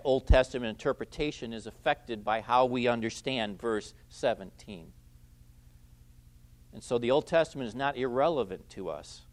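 A man preaching an expository sermon, who stresses key phrases loudly, repeats them and lets his phrase endings drop quiet. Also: mid-range voice. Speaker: pastor.

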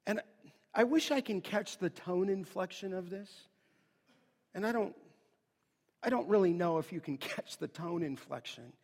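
A man preaching an earnest, emphatic sermon that builds to loud declarations. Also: high voice, expressive, a little slow, long pauses, long reverb tail. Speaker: pastor.

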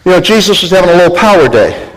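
A man's voice: high-pitched, animated, fast talker. An older man preaching a sermon as pastor, exhorting the congregation and calling for responses, with a recurring cough. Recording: echoey church hall.

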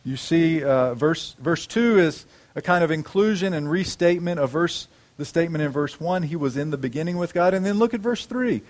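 A man preaching a sermon, asking the congregation questions and slowing down to stress key words. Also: on the high side, darkish tone.

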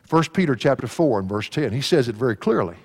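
Folksy preacher in echoing hall. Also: male voice, mid-range voice, lively intonation, quick pace, breathy edge. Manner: folksy, laughs at his own stories. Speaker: pastor. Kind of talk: sermon with storytelling. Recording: long hall reverb.

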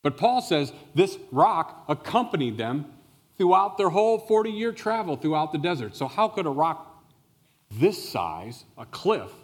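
A man's voice: on the high side, unhurried. Man preaching a sermon in a reverberant hall. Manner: animated storyteller who explains words and asks the listeners questions. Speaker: pastor. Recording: long reverb of a large hall.

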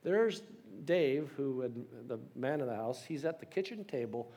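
A man's voice: mid-range voice, animated, moderate pace, dark tone. A man in his sixties preaching a sermon with storytelling and self-deprecating humor. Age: 60s. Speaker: pastor.

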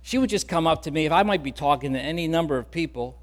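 A man pastor preaching a sermon in an earnest, conversational way, softening on key words. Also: a little high, lively intonation, fast talker, in a large hall.

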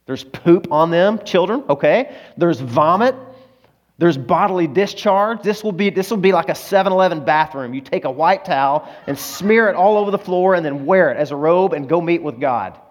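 Man, pastor, sermon, high-ish voice, emphatic then hushed, emotional. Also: moderate pace, lo-fi sound. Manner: expressive, swings between loud emphasis and hushed low delivery; emotional, close to tears.

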